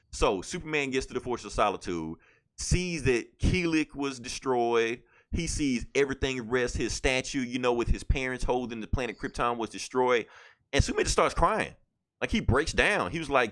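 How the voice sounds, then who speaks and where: A man's voice: medium pitch, a bit bright. A man casually recapping a comic book on a podcast, rambling with lots of fillers and quoted lines.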